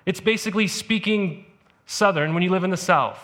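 Male pastor with a high voice, talking through a sermon like a chat and tossing in "right?" to the congregation. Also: brisk, a bit bright. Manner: conversational, peppered with "right?" asides. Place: church service.

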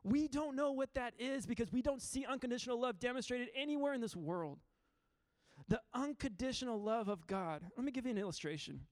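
A man's voice: very high voice, animated, a little fast, no room sound, studio quality. A man in his thirties preaching a sermon in an earnest, informal way, often restarting his sentences. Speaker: pastor. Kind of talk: conversational sermon.

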